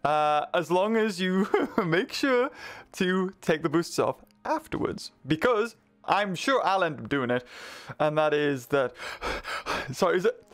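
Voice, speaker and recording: A man giving chatty, excitable let's-play commentary from his desk, laughing often into a microphone through a mixer. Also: fairly high pitch, a little slow. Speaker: gaming video creator. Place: home desk setup.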